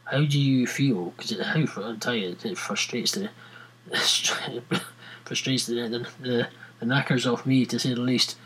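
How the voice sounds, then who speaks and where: A Scottish man speaks in a husky, slightly breathy voice at a middle pitch. He rants to his viewers in a loose, rambling way, often restarting his sentences and filling the gaps with ums and uhs. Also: fairly even intonation, a little slow, a bit bright, rough recording. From Scotland. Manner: rambling, with many restarts and fillers. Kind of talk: casual rant to viewers.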